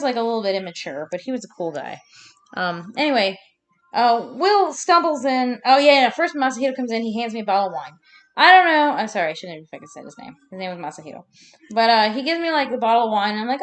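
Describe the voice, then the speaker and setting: A woman in her thirties telling personal stories to camera in a chatty, rambling way, laughing as she goes. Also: a little high. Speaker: vlogger. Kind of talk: casual personal storytelling.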